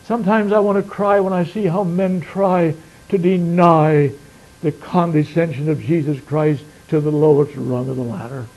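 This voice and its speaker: A man preaching a sermon, reading scripture slowly and swinging between loud emphatic passages and quiet murmured asides. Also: a little high, fairly even intonation, lo-fi sound. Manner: slows down to stress scripture quotes.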